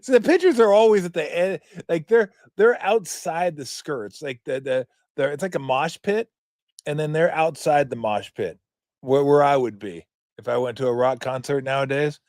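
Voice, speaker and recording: A man's voice: fairly high pitch, moderate pace, darkish tone, no room sound, clean studio sound. A man in his fifties hosting a sports talk show, commenting in a rambling, joking, profane way. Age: 50s.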